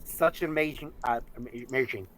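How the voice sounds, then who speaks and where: A man's voice: medium pitch, moderate pace, over a noisy crowd, low-quality recording. A man co-hosting a casual live-streamed nerd talk show, rambling with many fillers and restarts. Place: home setup, streamed live.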